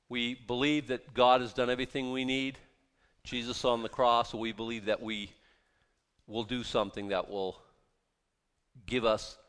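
A man's voice: mid-range voice, fairly bright tone, long reverb tail. A man preaching a sermon with passion and zeal, mixing in mocking asides. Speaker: pastor.

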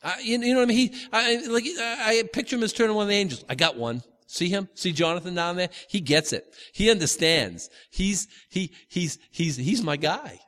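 A man's voice: high voice, a little fast, hardly any pauses, a bit bright, in a large hall. A man teaching from the Bible in a loose, conversational way, stumbling over restarts and acting out the quotes. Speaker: preacher.

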